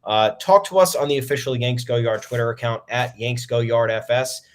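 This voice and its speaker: A man's voice: mid-range voice, moderate pace. A young man hosting a solo sports podcast, ranting bluntly with frequent swearing and many "um" fillers. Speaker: podcast host.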